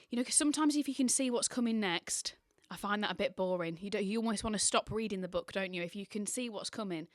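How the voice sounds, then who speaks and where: A woman primary teacher talks in a chatty, lively way, filling her answers with little fillers. Her voice sits in a middle pitch and is recorded close and dry, with no room echo. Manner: chatty and animated, with lots of fillers. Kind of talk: casual interview answers.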